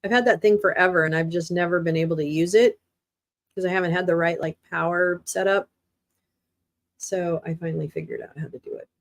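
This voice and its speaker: A woman hosting a livestream in casual chat, thinking aloud as she tries out gadgets at her desk. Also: on the low side. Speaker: livestream host. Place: at her desk, home streaming setup.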